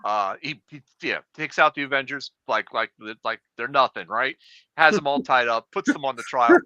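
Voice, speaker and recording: A man's voice: medium pitch, moderate pace, sharp tone, no echo. A man hosting a casual podcast chat, talking eagerly with plenty of fillers. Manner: enthusiastic, filler-heavy. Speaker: podcast host. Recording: slightly dull lo-fi sound.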